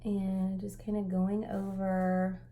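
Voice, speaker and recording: A woman in her thirties chatting through a casual makeup tutorial, stuffy and breathing heavily, with self-mocking soft asides. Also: mid-range voice, monotone, takes it slowly, slight background noise. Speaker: makeup vlogger.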